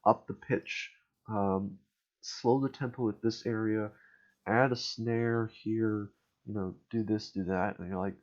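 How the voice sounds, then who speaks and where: A man's voice: on the low side, fairly even intonation, measured pace, a little mellow. A man ranting sarcastically in casual chat about a game, swearing often. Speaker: podcast host. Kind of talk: casual gaming rant. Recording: dull lo-fi mic.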